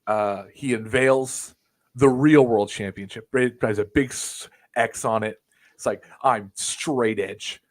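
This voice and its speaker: A man's voice: mid-range voice, steady tone, measured pace. A young man telling a long, profane, rambling wrestling story as a podcast guest. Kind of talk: casual chat.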